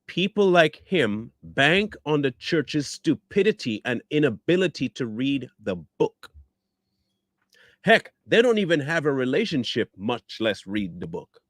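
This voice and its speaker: A scornful man delivers commentary with a voice that swoops up and down in pitch. He speaks bluntly, hammers his points with repeated rhetorical questions, and the recording is dry and close. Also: very animated, a little slow, a bit bright, dry recording. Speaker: online commentator. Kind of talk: combative reaction commentary.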